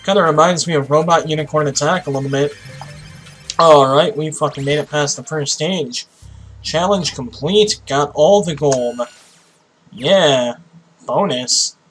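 A tired young man giving casual, profane commentary while playing a game, with sudden excited outbursts. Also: on the high side, a little slow, faint music behind, rough recording. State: tired, sleepy voice. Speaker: let's play host.

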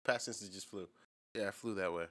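A man's voice: deep voice, a little fast, very noisy. An American man casually reacting to a video with profane, joking banter. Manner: profane, loud, laughing banter. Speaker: reaction streamer.

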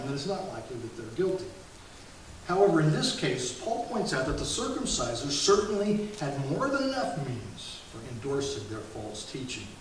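Brief: male pastor, earnest sermon, slightly high voice, very echoey, distant mic. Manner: earnest expository preaching, occasional self-corrections. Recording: echoey sanctuary from far off, hiss.

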